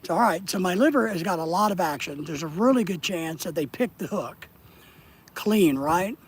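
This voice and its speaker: A man with a husky voice chatting casually with his viewers on a live stream while he fishes outdoors. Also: high voice, animated, moderate pace. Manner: rambling, chatty, addresses viewers in chat. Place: outdoors, fishing.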